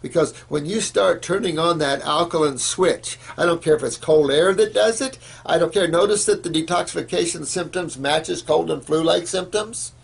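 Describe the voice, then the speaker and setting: Gravelly, husky man lecturing. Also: on the high side, normal speed, hardly any pauses. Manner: emphatic, repetitive, lots of fillers. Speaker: health educator. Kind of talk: informal spoken lecture.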